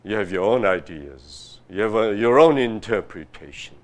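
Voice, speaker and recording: A man preaching a sermon, reading scripture aloud and pressing his listeners with rhetorical questions in a slow, emphatic way. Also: lowish voice, lively intonation. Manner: reads scripture aloud with rising force. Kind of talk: sermon, Bible exposition.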